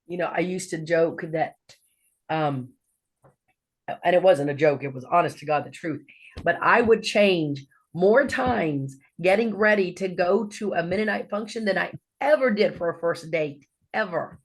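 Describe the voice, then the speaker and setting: A woman's voice: lowish voice, measured pace, rough recording. A woman co-hosting an interview podcast, speaking earnestly and emphatically about her own experience. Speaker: podcast co-host.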